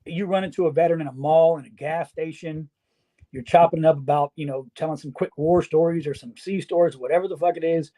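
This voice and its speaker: A man's voice: fairly high pitch, steady tone, quick pace, dark tone. A man co-hosting a veterans podcast, speaking directly and coaching-style, with casual swearing and frequent "right?" tags.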